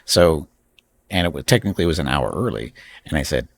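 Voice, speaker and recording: A man's voice: a bass voice, lively intonation, brisk, vocal fry. A man hosting a casual live stream from home, rambling and chatting with frequent laughs. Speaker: streamer host.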